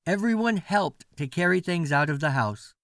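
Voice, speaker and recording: A man reading a children's storybook aloud as a bedtime story, slow and sing-song with lots of expression. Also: a little high, expressive, fairly bright tone, no echo, clean studio sound.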